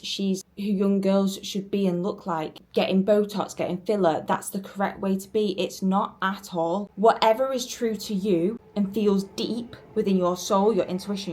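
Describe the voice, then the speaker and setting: A young woman talks straight to the camera in an earnest, encouraging way, like a friend giving a pep talk. Her voice sits at an ordinary middle pitch, and her delivery stays chatty and warm in wording rather than polished. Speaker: self-help vlogger.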